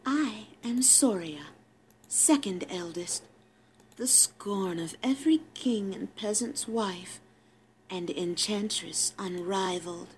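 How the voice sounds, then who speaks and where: A woman's voice: mid-range voice, slow pace, a little hiss or hum. A woman voicing a scornful witch enchantress with a cool, cutting manner. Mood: haughty. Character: scornful enchantress witch, second eldest sister. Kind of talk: audio drama acting.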